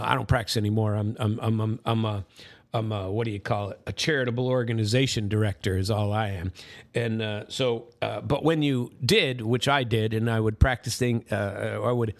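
A middle-aged man hosting a casual, rambling monologue, folksy and full of restarts. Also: fairly low pitch. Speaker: host.

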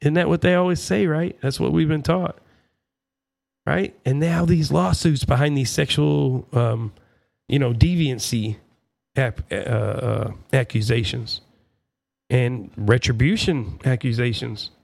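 A man with a gravelly voice holds forth in an angry, profane political rant, full of sarcastic asides. He rambles with fillers, and his pitch sits in an ordinary middle range. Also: a little slow, a little mellow.

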